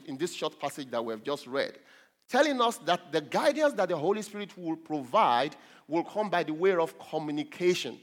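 Male pastor, slightly higher voice, emphatic sermon delivery, long hall reverb. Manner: emphatic, rising to loud stresses when quoting scripture, with filler pauses.

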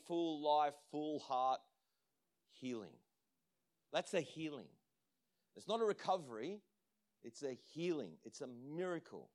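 Male pastor, slightly higher voice, animated storytelling sermon, laughs a lot. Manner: animated storytelling, acts out quotes, laughs often.

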